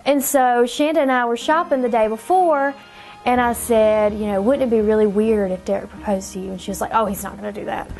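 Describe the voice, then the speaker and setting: A chatty woman with a slightly high voice is interviewed as a friend. She laughs as she tells the story. Quiet music plays behind her. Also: steady tone, fairly quick. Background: soft background music.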